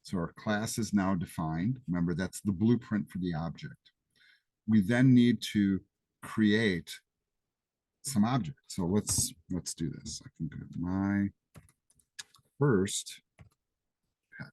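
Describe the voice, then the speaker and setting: A man from Greece runs a live programming class from a classroom or office, mixing a coding demo with casual chatter and side remarks. He takes it slowly and pauses often, his low voice darkish in tone, in a dry recording.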